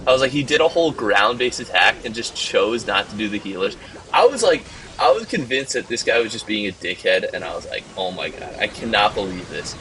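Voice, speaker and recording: A man's voice: mid-range voice, noisy background. A man hosting gameplay commentary, telling a story in a casual, exasperated way with lots of fillers. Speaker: game channel host.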